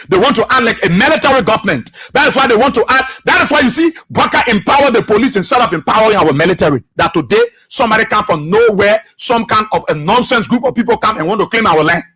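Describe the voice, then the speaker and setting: A Liberian man on a radio talk show hammers his targets with repeated accusing questions. His voice sits very high and cuts through with a sharp, bright edge, and a husky grain runs under it. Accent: Liberian English. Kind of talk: political talk radio commentary. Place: radio studio.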